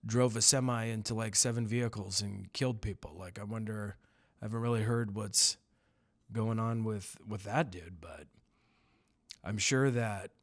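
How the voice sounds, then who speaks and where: A man hosting a casual solo podcast, rambling through news with crude jokes, swinging between loud outbursts and mutters. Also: on the low side, moderate pace. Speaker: podcast host.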